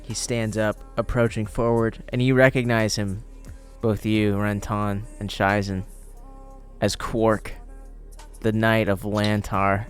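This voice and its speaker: A man running a tabletop game in a slow, relaxed, casual way. His voice sits fairly low, and his narration is unhurried and full of jokes. Faint music plays in the background. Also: clean tone. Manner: laid-back, laughing, swearing. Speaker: game master.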